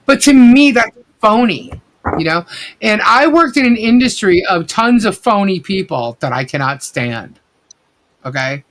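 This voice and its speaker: A woman's voice: medium pitch, animated, unhurried. A woman co-hosting a casual livestream, talking bluntly and at length, with frequent swearing and restarts. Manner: blunt, rambling, swears freely. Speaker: co-host of a livestream.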